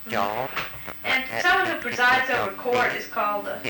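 A woman's voice: on the high side, huge pitch swings, normal speed, gravelly, a loud crowd. A woman interviewer asking prompt questions patiently, with frequent ums. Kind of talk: structured question-and-answer interview. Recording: roomy recording with background hiss.

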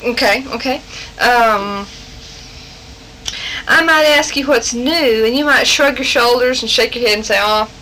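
A woman giving a spoken fill-in-the-blank test, halting with many fillers and saying okay after each answer. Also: fairly high pitch, bright, forceful tone, slight background noise, poor audio. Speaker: language tester. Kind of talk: reading fill-in-the-blank prompts.

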